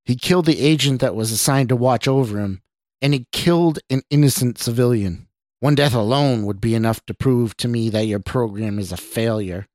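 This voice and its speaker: A man's voice: mid-range voice, normal speed, a little mellow, no room sound, lightly acted. A man voicing a stern older male government official who speaks curtly and callously, in a story reading. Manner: curt, callous, growling. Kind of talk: audio drama reading.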